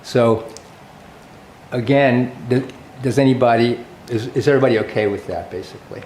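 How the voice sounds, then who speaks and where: A man chairing a town committee meeting, relaxed and halting, with many pauses and fillers. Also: mid-range voice. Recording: echoey meeting room with faint noise.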